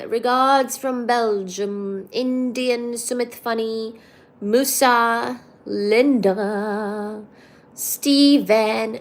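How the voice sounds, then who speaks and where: A woman hosting a livestream, slowly greeting viewers by name and reading their messages aloud. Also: fairly high pitch, fairly even intonation. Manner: slow, drawn-out greetings reading out viewer names. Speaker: livestream host.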